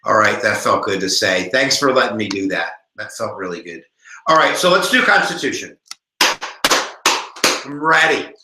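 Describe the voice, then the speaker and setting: An American man in his forties, a former history teacher, giving a jokey, animated live exam review to viewers online. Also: fairly low pitch, fairly quick, echoey room, background noise.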